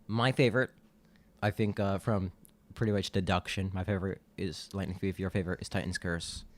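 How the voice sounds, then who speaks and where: A man's voice: deep voice, steady tone, a little fast, slight background noise. A man co-hosting a podcast in casual chat, laid-back and teasing, reading out contact details. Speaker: podcast co-host.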